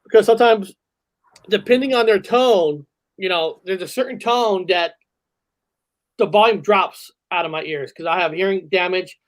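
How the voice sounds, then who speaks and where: A hard-of-hearing man hosts a casual chat. He sounds earnest and talks haltingly, restarting his sentences again and again. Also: sits high, rough recording. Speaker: host.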